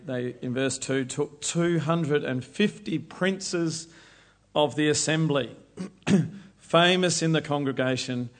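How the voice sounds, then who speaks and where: A man preaching a Bible study sermon, explaining verses slowly and deliberately. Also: medium pitch.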